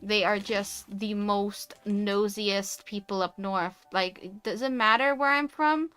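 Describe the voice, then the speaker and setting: A young woman with a posh English accent, chatting casually on a stream and ranting with animated energy. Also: medium pitch, takes it slowly, clean tone. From United Kingdom. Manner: animated, ranty. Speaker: VTuber streamer. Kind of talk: casual chat.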